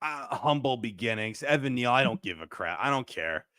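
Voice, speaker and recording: A man hosting a sports fan show, ranting and shouting in heated commentary, then dropping into low grumbles. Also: lively intonation, moderate pace, dry recording, clean studio sound.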